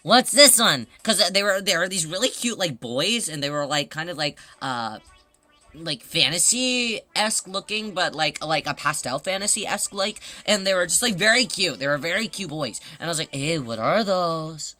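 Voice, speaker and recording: Bright-voiced rambling woman streamer. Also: lowish voice, animated, normal speed, faint music behind. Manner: rambling storyteller, many fillers; bursts into laughing shouts. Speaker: live streamer. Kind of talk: casual livestream chat.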